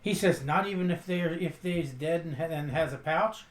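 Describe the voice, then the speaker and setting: A man's voice: on the high side, normal speed. A man narrating his character's actions and words in a tabletop role-playing game. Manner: storytelling, quotes his character's lines. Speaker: tabletop player. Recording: echoey room with faint noise.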